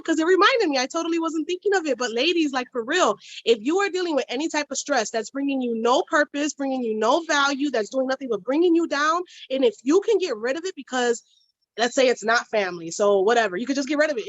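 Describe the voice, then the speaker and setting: A woman's voice: high voice, a little fast, dull audio. A woman co-hosting a casual chat, telling stories bluntly with slang and swearing. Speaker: podcast co-host.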